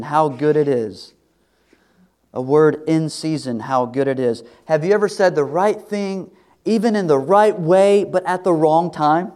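A middle-aged man preaching a sermon to his congregation in a conversational way, sometimes dropping to a soft, confiding tone. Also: fairly high pitch. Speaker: pastor.

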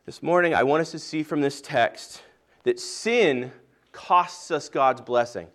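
Earnest man preaching a sermon. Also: fairly high pitch. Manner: measured, earnest preaching with occasional restarts. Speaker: pastor. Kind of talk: sermon with scripture reading.

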